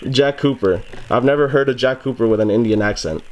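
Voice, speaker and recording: A man's voice: medium pitch, a little fast, lo-fi sound. A young man from the United States vlogging casually to camera, laughing and exasperated, rambling with fillers. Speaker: YouTuber. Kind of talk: casual vlog talk to camera.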